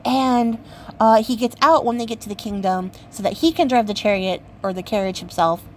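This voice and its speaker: A woman's voice: on the high side, normal speed, a little hiss or hum, rough recording. A young woman hosting a craft channel, retelling a fairy tale in a chatty, playful way with lots of fillers. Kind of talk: casual story retelling.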